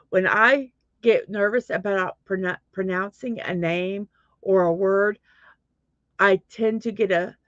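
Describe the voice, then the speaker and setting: A woman's voice: medium pitch, a bit bright, no echo. A woman hosting a casual morning livestream, chatty and self-deprecating, greeting viewers by name as they arrive. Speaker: livestream host. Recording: dry, slightly muffled lo-fi audio.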